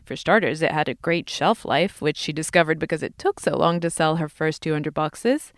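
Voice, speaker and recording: Measured woman reading narration. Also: deep voice, dry recording, studio quality. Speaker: podcast co-host. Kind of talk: scripted narration.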